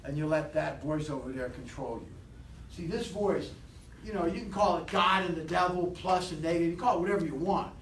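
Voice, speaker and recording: A man leading a live motivational sales seminar, animated and rousing, constantly quizzing his audience, recorded from a distance in an echoey training room. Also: on the high side, fairly quick. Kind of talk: live seminar talk to a class. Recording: echoey room, distant mic, faint hiss.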